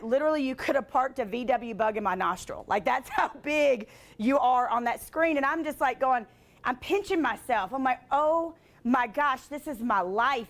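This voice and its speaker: A woman giving a motivational talk, telling stories in a chatty way with lots of fillers and self-deprecating humor. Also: high voice. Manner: chatty, filler-heavy with frequent "like". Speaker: motivational speaker and sportscaster.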